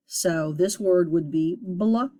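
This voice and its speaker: Female teacher, slightly low voice, cheerful, stretches out phonics sounds for kids. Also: lively intonation, darkish tone. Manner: upbeat, deliberate sounding out of sounds. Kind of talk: recorded phonics lesson for young students.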